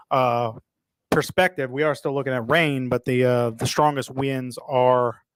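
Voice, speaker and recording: A slightly hoarse man, a meteorologist, giving a relaxed, conversational live weather briefing and answering viewer reports. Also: medium pitch. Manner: relaxed, conversational, plenty of filler words. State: hoarse, losing his voice.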